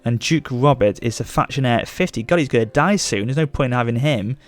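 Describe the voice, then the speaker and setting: A young man commenting on his strategy game as a let's play host, gushing with excitement. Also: medium pitch, brisk, faint music behind. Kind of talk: gameplay commentary.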